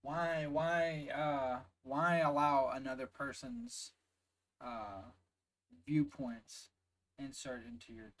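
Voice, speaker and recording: A man's voice: mid-range voice, lively intonation, slow pace, rough recording. A man with a Southern US accent giving heated, emphatic reaction commentary, swearing often and stressing words one by one. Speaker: reaction video host.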